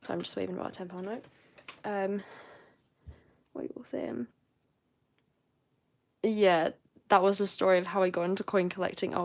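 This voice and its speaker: A young woman with a posh southern English accent, chatting casually and rambling as host of a live stream. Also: lowish voice. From southern England.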